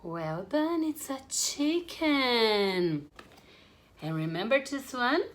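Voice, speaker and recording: Slow, sing-song woman teaching small kids. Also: on the high side. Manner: slow, sing-song and animated, with playful gasps. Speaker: English teacher for young children. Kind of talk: online kids' English lesson.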